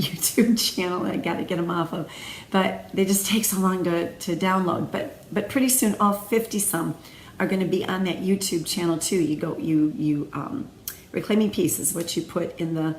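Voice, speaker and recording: A woman's voice: medium pitch, a little hiss or hum. A woman hosting a faith-based video series, talking casually with many fillers and restarts. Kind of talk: casual spoken devotional talk. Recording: echoey room, faint ambience.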